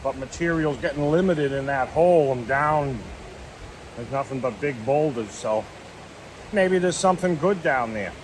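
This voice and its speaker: A man's voice: medium pitch, moderate pace, slight background noise, low-quality recording. A man hosting a casual outdoor prospecting vlog, talking in an easygoing, rambling, folksy way at a dig site. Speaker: gold prospecting vlogger.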